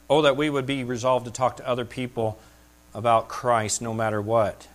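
A middle-aged male pastor preaching a sermon, swinging between loud, excited peaks and hushed, quiet asides. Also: mid-range voice, normal speed.

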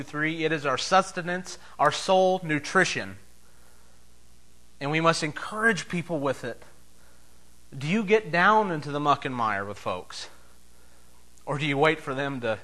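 A man preaching a sermon as pastor, emphatic, swinging between loud declarations and soft, low asides.

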